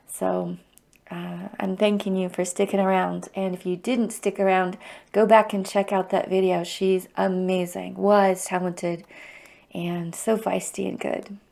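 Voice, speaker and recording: A woman's voice: mid-range voice, gravelly, darkish tone. A middle-aged woman hosting a livestreamed EFT tapping circle, speaking in a heartfelt, openly emotional and encouraging way. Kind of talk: livestream guided tapping talk.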